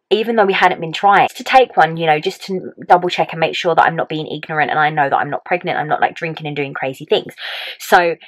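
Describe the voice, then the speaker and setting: A woman's voice: fairly low pitch, no echo, rough recording. Chatty young woman, dry close sound. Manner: chatty, animated, lots of "like", acts out her own reactions. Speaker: vlogger. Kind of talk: casual storytelling to camera.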